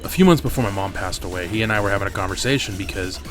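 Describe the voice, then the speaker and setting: A man's voice: low voice, very fast, faint music behind. A man hosting a gaming channel, telling a long personal story over his gameplay in a candid, swearing, rambling way, on a desk mic at home.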